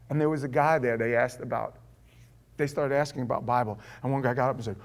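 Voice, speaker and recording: A man in his forties preaching a sermon, animated, swinging from loud exclamations to hushed asides and acting out quotes. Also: mid-range voice, quick pace. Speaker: pastor.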